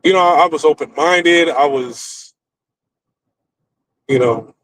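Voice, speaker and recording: A middle-aged American man with a fairly high-pitched voice rants through a story. He talks in a blunt, profane, animated way, like a casual stream host. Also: slow pace, dry recording, poor audio.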